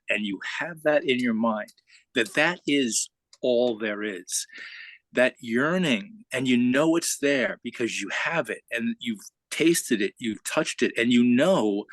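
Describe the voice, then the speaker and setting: A man sharing in a spiritual group, halting and searching for words. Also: mid-range voice, animated, a bit bright, no room sound, poor audio. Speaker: participant.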